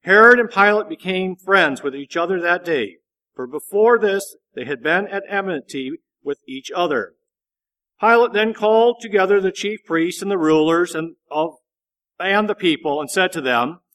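A man reading a Bible passage aloud in a measured, steady narration. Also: high-pitched. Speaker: scripture reader.

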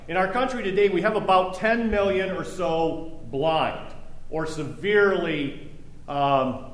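A high-voiced pastor preaches a sermon, reading scripture and then unpacking it loosely and conversationally with joking asides. The sound is roomy and echoey, as though captured in a church sanctuary.

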